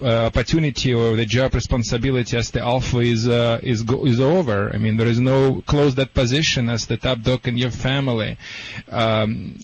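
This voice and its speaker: A man with a Russian accent, a dog trainer on a call-in radio show, talking casually and pausing to search for words. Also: mid-range voice, a little hiss or hum, low-quality recording.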